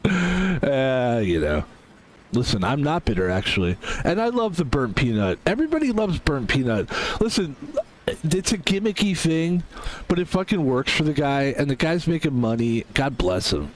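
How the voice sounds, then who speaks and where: A male streamer talking off the cuff during a game. His voice sits a bit high and swings widely up and down, and he rambles from thought to thought with a self-mocking, foul-mouthed streak. The talk is loose and unscripted. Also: very animated, moderate pace, a little hiss or hum. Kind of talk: casual chat while gaming on stream.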